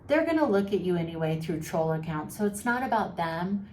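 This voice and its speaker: This woman's voice sits on the low side, a little fast and a little mellow, swinging widely in pitch. She's a vlogger giving her viewers sympathetic, chatty mental health advice with some sarcastic teasing, recorded in a roomy space with faint background noise.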